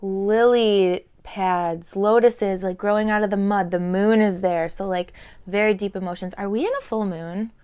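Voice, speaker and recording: In her thirties and chatty, a woman gives an intuitive oracle card reading to camera, her smooth, clear voice at medium pitch and fairly even in intonation. She talks loosely to the viewer at a moderate pace with few pauses, meandering between thoughts with fillers and laughs, and occasionally dropping into a soft murmur. She's a tarot and oracle card reader.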